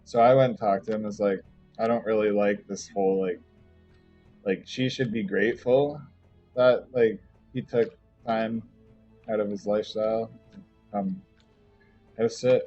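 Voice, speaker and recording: Young male streamer, low voice, rambling and profane, lo-fi mic with faint game music. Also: steady tone, a little slow, long pauses, mellow. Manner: rambling, many fillers, swears freely. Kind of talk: casual rambling story while gaming.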